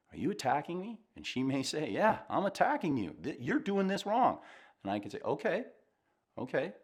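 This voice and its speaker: A middle-aged man, a communication coach, giving earnest, reflective advice straight to camera in a calm way. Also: on the low side.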